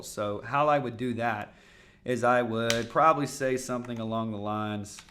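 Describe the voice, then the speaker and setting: Male sales coach, mid-pitched and bright, casual teaching delivery broken up by loud, acted-out call lines. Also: steady tone. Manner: casual, coaching, fast talk with fillers. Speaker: sales trainer. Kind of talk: sales masterclass lesson.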